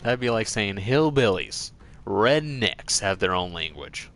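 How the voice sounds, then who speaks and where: A man's voice: lowish voice, very animated, unhurried, a bit bright. A man hosting a gaming channel, chatting casually while he plays and drifting from one joking tangent to the next. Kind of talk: casual commentary while playing a game.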